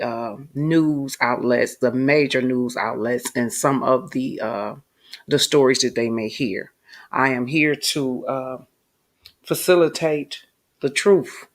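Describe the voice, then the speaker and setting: A host doing late-night live-stream commentary, chatty and emphatic, greeting viewers and swearing when heated. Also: mid-range voice. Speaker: online commentator and channel host.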